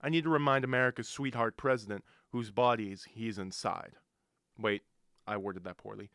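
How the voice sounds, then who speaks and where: A man's voice: fairly low pitch, steady tone, moderate pace, a bit bright, smooth, dry recording. A young man hosting a college radio show, rambling and interrupting himself with jokes, talking into a studio microphone. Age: young adult. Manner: rambling, self-interrupting, joking. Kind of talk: casual radio chat.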